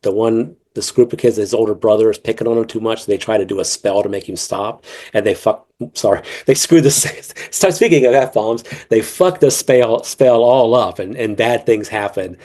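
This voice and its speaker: A man's voice: lowish voice, moderate pace, hardly any pauses, warm tone. A man guesting on a podcast, talking casually with many restarts and frequent laughter, joking and swearing freely. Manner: profane and joking. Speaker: guest author.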